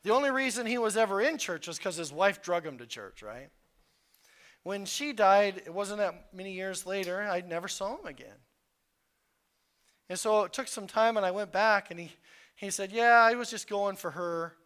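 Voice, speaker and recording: A man preaching to his congregation in a high, bright voice. His delivery is earnest, rising to loud, urgent peaks and then falling back to hushed, low passages. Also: normal speed. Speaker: pastor. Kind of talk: sermon.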